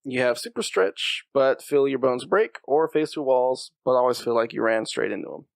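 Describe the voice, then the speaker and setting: Guy w a gravelly voice reading podcast questions, dry close mic. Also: medium pitch, moderate pace, dry recording. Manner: playful, argues his odd picks. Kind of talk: casual podcast chat.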